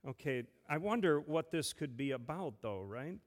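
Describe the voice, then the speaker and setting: Pastor in a reverberant church. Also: male voice, on the high side, very animated, moderate pace. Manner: gentle, playful, asks a child many questions. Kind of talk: children's sermon. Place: church sanctuary.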